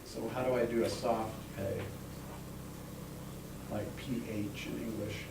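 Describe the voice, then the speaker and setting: A man's voice: on the low side, steady tone, measured pace, creaky. A man teaching a class, patiently coaching students through pronunciation syllable by syllable. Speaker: Hebrew teacher. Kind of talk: classroom instruction. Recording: echoey room, mic at a distance, faint noise.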